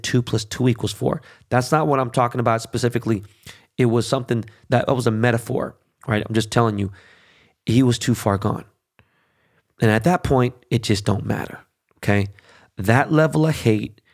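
A man's voice: mid-range voice, creaky, darkish tone. A middle-aged man hosting a show, ranting in a heated, profane casual monologue full of fillers and restarts. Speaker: show host.

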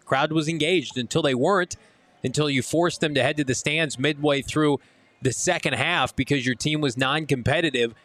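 A man hosts a live postgame show from a casino watch party, breaking down the loss in an emphatic, ranting way. His voice sits slightly high, and the sound is close and dry. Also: moderate pace, fairly bright tone, no echo. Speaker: sports talk show host. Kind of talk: postgame sports talk.

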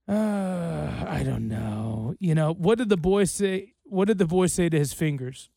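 Thirties guy hosting radio, high voice, swings up and down a lot, dry studio mic. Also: slow, creaky, no echo. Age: 30s. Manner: animated, telling dad jokes with put-on quotes. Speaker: radio show host. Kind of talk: casual radio chat.

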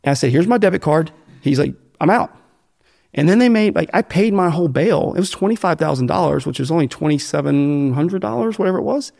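A man's voice: fairly high pitch, animated, fast, gravelly, hardly any pauses, a little mellow. An American man speaking bluntly and profanely, rambling with fillers and restarts as he tells his story in an interview. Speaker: guest telling his addiction story.

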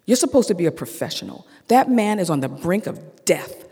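A man's voice: sits high, big pitch swings, fairly quick, a little mellow, breathy edge, heavily acted. A stern male doctor lecturing someone firmly on being professional, as a storyteller voices him on stage. He sounds stern and scolding, and the echo of a large hall trails behind the voice. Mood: stern lecture.

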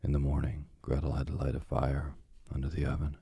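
A man reading a fairy tale aloud as a calm bedtime sleep story, slow and soothing. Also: very deep voice, vocal fry, breathy edge, dry recording, clean studio sound.

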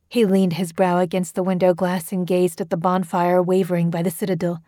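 A woman narrates a horror story with a steady, measured delivery. Her tone is mellow and dark, recorded dry and close on a studio mic. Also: lowish voice, no room sound.

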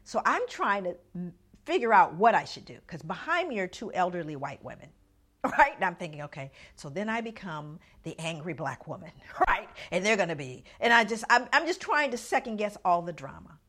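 Lively middle-aged woman telling a story. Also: on the low side, fairly quick. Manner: animated storyteller acting out others' lines. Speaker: speaker telling a personal story. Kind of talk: storytelling talk.

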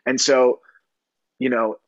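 A middle-aged man speaking as an interview guest, halting and often searching for words. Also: mid-range voice, little pitch movement, no room sound. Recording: dull, dry lo-fi sound.

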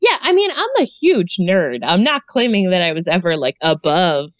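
A woman's voice: lowish voice, normal speed, no echo. A woman in her thirties, a podcast guest, chatting casually with lots of fillers and laughs. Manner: animated, laughing, many fillers. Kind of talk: casual chat.

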